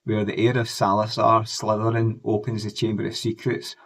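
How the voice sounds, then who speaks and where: A man talks casually for his nostalgia vlog, rambling and enthusiastic. His voice sits a bit low. He keeps an easy, chatty flow as he recalls old shows. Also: little pitch movement, normal speed. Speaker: music and pop culture vlogger.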